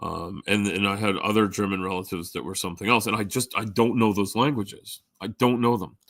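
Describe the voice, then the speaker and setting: A man's voice: lowish voice, steady tone, fairly quick, a bit bright, no room sound, clean studio sound. A middle-aged man chatting casually with live viewers as a stream host, rambling with lots of fillers. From Canada. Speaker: livestream host.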